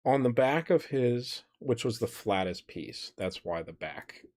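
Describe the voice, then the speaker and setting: A man's voice: mid-range voice, expressive, a little slow, darkish tone. A male streamer telling a rambling story casually, laughing often and correcting himself.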